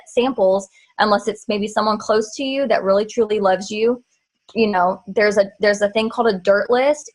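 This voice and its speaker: A woman's voice: a little high, low-quality recording. A woman hosting a casual team training on a video call, direct and practical.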